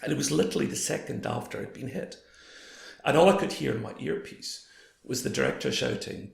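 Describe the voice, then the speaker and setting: A man in his fifties, hoarse, telling stories as an interview guest. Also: mid-range voice, brisk. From Scotland. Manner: anecdotal, quoting others in lively voices. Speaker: guest, former broadcaster. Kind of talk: storytelling in a casual interview. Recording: roomy echo.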